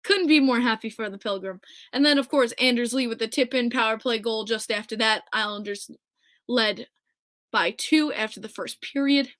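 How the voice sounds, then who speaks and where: A young woman hosting a solo podcast, recapping a game in an animated, exclamatory fan style. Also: on the high side, normal speed. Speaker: podcast host.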